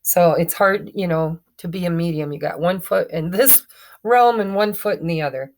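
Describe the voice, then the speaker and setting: A woman's voice: fairly low pitch, moderate pace, a little hiss or hum. A woman giving a chatty tarot reading to her viewers, often stumbling and correcting herself as she goes. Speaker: tarot reader. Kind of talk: casual tarot reading to camera.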